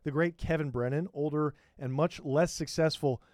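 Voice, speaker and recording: A man's voice: fairly high pitch, steady tone, moderate pace, darkish tone, no echo, clean studio sound. A man hosting a comedy podcast, riffing in a profane, rambling and sarcastic way. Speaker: podcast host.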